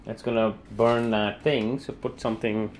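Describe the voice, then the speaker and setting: A man's voice: lowish voice, steady tone, normal speed, a little hiss or hum. A man in casual kitchen banter, playful and bossy as he teases his friend while cooking. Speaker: home cook vlogger. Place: home kitchen.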